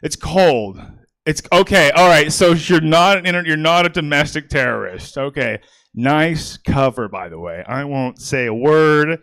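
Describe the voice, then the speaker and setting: A man's voice: a little high, lively intonation, measured pace, a bit bright. A young man doing a rambling stand-up comedy set with crowd work in a small comedy theater.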